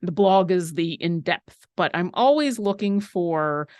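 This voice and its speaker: A woman's voice: on the low side, expressive, a little mellow, no room sound, studio quality. A woman co-hosting a live painting stream, reading viewer questions and chatting in a rambling, talkative way. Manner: chatty and rambling, quick asides.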